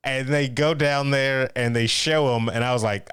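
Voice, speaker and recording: A young adult man co-hosting a casual live-streamed chat, talking in an animated, excitable way. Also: medium pitch, normal speed, clean tone, dry recording, clean studio sound. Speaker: podcast co-host.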